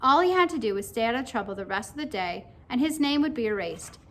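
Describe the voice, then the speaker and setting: A woman narrating a children's story aloud with expressive storytelling. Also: fairly high pitch, fast talker, slight background noise.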